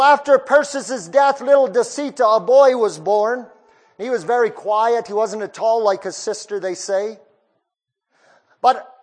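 Guy preaching, telling a missionary story, really high voice, drops quiet then builds back up. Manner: swings between hushed and raised passages. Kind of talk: storytelling sermon.

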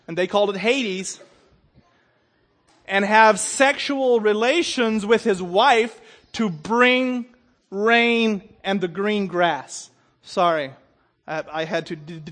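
A man with a high-pitched voice preaching a sermon. He trips over the starts of words and repeats them, and often checks in with his listeners. His delivery swings between loud, emphatic bursts and hushed, low asides. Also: slow pace, pauses often. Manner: stumbles and repeats opening sounds, checks in with "Okay?".

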